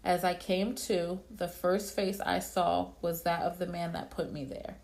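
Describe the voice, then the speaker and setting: A woman narrating a dramatic first-person story in a plain, steady reading voice. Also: lowish voice, a little slow, creaky.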